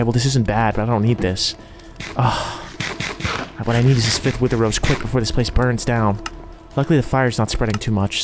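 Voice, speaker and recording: A man giving live gameplay commentary, jittery and talking himself through each scare. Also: medium pitch. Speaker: gaming YouTuber.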